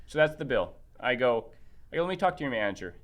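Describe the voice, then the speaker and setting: A man's voice: medium pitch, quick pace. Guy on a podcast telling a long story, medium voice, acts out what people said, lots of restarts. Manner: animated, acts out quoted dialogue; many restarts and fillers. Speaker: podcast guest. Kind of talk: casual storytelling chat.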